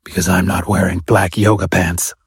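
A man's voice: sits low, flat delivery, normal speed, gravelly, breathy edge, no room sound, studio quality, heavily acted. A man voicing a brooding male vigilante in a bat suit, in a put-on whispered growl that trails off, straining to sound menacing. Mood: gruff.

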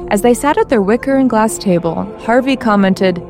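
A woman's voice: fairly high pitch, normal speed, few pauses, a little mellow, soft background music. A woman reading a comic parody story aloud with playful, wry asides. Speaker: narrator.

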